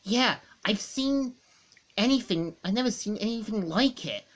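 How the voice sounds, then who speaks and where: A woman's voice: medium pitch, animated, measured pace, voice pushed up. A woman voicing a cocky young male hedgehog hero from a comic, brash and jumpy, reading his lines aloud. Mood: wary.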